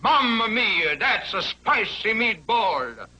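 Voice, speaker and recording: A man's voice: high-pitched, big pitch swings, slow pace, highs cut off, heavy background noise, heavily acted. An actor playing a hammy commercial actor who keeps flubbing his line in a put-on Italian accent. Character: frustrated male actor botching many takes.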